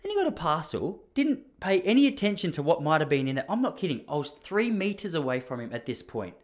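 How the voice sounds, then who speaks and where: A young Australian man telling a story in a casual, mock-indignant monologue. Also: brisk. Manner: animated, mock-indignant, jumps up high when acting out others.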